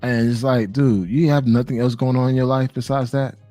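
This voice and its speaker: A man hosting a podcast discussion, laying out his view in a measured way, point by point. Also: medium pitch, steady tone, dark tone, no echo, faint music behind. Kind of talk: casual discussion.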